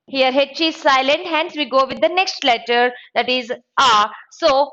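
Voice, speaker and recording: A woman teaching an exam-prep grammar lesson, repeating each sound slowly to drill it. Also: on the high side, a bit bright. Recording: dull lo-fi audio.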